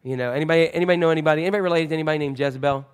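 Speaking at a racing clip, a pastor with a smooth, fairly high voice delivers a church sermon over a wireless mic. He recounts a Bible story in an animated, jokey way, often poking fun at himself.

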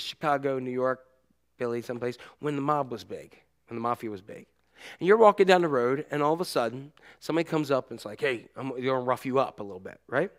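A middle-aged male pastor delivers his sermon with lively, storytelling energy. His voice sits high for a man and sounds smooth and resonant. Now and then he raises it to a shout to act out the cries in his stories.

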